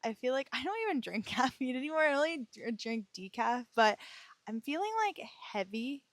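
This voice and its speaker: A woman hosting her own podcast, talking casually and gently reassuring her listeners, tired and emotionally heavy, often stumbling over words and laughing at herself. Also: on the high side, animated, a little fast, dry recording. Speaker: podcast host. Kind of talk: casual solo podcast talk.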